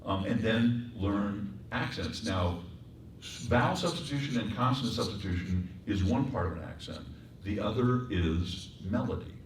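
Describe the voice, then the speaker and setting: A man teaching voice acting in a workshop lecture, breaking into accent and pitch demonstrations. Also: lively intonation, normal speed, slight background noise. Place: performing arts center room. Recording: echoey room, mic far off.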